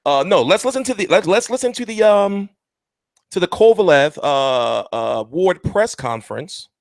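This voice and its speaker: A man's voice: sits high, expressive, moderate pace, gravelly, dry recording. A man hosting a casual boxing livestream, rambling and joking crudely as he chats. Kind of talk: casual live-stream chat.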